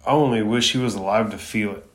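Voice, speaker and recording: A man voicing a scheming, greedy male crime boss from an anime, reading his lines in a slow, mocking way. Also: on the low side, close to an everyday voice. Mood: sneering.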